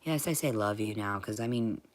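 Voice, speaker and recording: Woman, vlogger, rambling monologue, profane, muttering to shouting. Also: a bass voice, normal speed.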